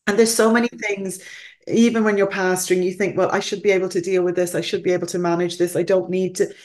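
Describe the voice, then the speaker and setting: A woman's voice: lowish voice, level tone, fast, darkish tone. A woman pastor talking in a heartfelt, earnest way on a faith talk show, telling personal stories.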